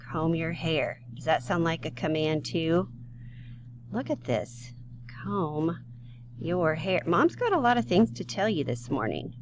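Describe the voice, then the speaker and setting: Lively, playful woman teaching children. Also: fairly low pitch, lo-fi sound, background noise. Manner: playful, lively, talks straight to young children. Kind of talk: recorded grammar lesson for children.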